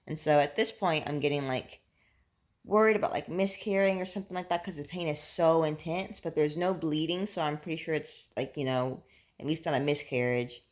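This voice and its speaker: Low-voiced woman chatting candidly. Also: fairly quick, no echo, rough recording. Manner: chatty and candid, with frequent fillers. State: tired. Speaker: vlogger and teacher. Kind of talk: casual vlog chat.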